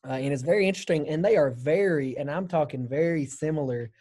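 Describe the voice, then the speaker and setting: A man in a casual church discussion, talking in a relaxed way with many hesitations. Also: a little high, quick pace, slightly rough.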